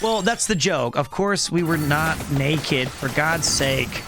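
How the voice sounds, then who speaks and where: A fairly high-pitched man talks through his gameplay in a loose, joking, rambling way. Clear game music plays under his voice the whole time. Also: animated, slow pace. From Kansas City, US. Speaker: streamer. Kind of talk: casual gameplay commentary.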